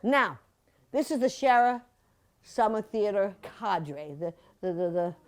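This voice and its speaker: A woman's voice: mid-range voice, lively intonation, takes it slowly. A woman in her seventies giving a chatty, playful slide-show talk to a museum audience, full of asides and laughter. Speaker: guest speaker at a museum talk.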